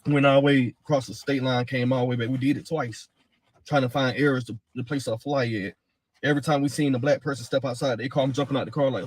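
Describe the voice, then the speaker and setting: Steady and brisk, his medium-pitched voice has a darkish tone and no echo. He is the father of a missing woman's child, telling his story in a casual first-person account that's blunt, heated, profane, and repetitive.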